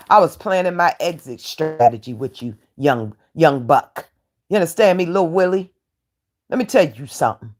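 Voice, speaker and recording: A woman from the United States, hosting a casual commentary rant in a brash, taunting way and laughing often. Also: fairly low pitch. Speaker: YouTube commentary host playing a judge.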